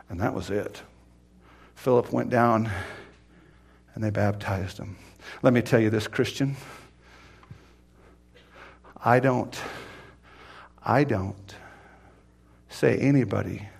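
A man preaching a sermon, swinging from loud cries to hushed whispers and acting out the people in his stories. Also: lively intonation, a little slow, gravelly, long pauses. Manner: acts out quoted cries in a high strained voice.

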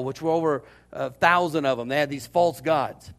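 A man preaching a Baptist sermon, telling the story in an animated, joking way. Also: fairly high pitch, normal speed, few pauses. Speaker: Baptist pastor.

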